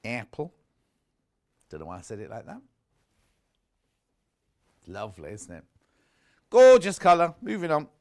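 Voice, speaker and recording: Man, TV shopping host, gushing sales patter, higher voice, very animated pitch. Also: moderate pace, long pauses. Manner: chatty, gushing, self-correcting. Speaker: shopping channel presenter.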